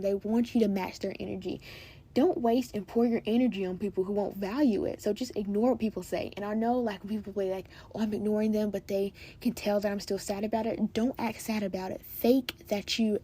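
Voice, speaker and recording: A woman's voice: medium pitch, warm tone, husky. A teenage girl hosting a podcast, giving casual advice in an emphatic, chatty way full of "like" and "you guys". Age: teens. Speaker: podcast host.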